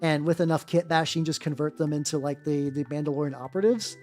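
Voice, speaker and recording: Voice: mid-range voice, fairly even intonation, fast talker, darkish tone, soft background music. A miniature-painting streamer chatting casually with viewers while working, rambling with many restarts, swearing offhandedly and greeting chat by name.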